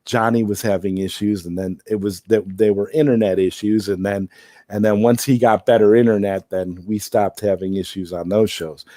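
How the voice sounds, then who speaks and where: A man's voice: fairly low pitch, steady tone, normal speed, warm tone, dry recording, studio quality. A man hosting a casual late-night live-stream Q&A, rambling and circling back to repeat his points.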